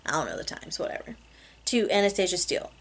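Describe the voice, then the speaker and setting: A woman's voice: lowish voice, big pitch swings, fast. A woman reading a romance novel aloud in a casual amateur way, laughing at her own slips. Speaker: reader.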